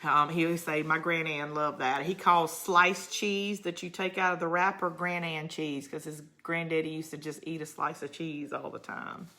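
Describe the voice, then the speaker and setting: A woman's voice: sits low, fairly even intonation, normal speed, hardly any pauses, pushed and bright. A middle-aged woman with a Georgia Southern accent, hosting a crafting livestream in casual chat, rambling through family stories and laughing often. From Georgia, USA. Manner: chatty, rambling storyteller who laughs often. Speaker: crafting channel host. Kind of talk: casual livestream chat, reading viewer comments.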